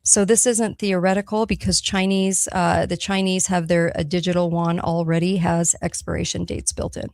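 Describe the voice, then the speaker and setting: A woman's voice: on the low side, little pitch movement, normal speed, gravelly, hardly any pauses, darkish tone, dry recording, studio quality. A woman hosting a radio talk show, speaking emphatically and checking in with her listeners as she goes. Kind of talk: solo talk radio monologue.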